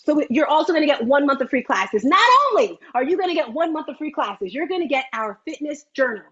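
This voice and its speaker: High-voiced woman in her 50s hyping a fitness event, chatty, repeats stuff, kinda dull lo-fi sound. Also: quick pace. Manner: animated, chatty, repeats phrases for emphasis. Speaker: host of an online fitness meeting. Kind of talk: lively live-stream pitch.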